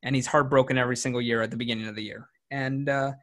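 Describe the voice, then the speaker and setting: A man's voice: medium pitch, fairly even intonation, a bit bright. A young man co-hosting a sports podcast, chatting casually, rambling and ribbing his co-hosts. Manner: teasing, rambling, quick jokes at his co-hosts. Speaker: podcast co-host.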